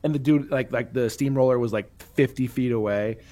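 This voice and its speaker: A man's voice: mid-range voice, a little fast. A man co-hosting a casual movie-review chat, adding jokes and comments with lots of fillers. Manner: animated joking commentary with fillers. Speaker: podcast co-host.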